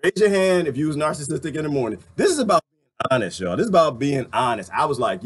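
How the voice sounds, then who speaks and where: A man ranting casually to his viewers, laughing often and swinging between loud and quiet. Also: quick pace, husky. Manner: animated, laughing, ranting, swings high and low. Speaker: vlogger.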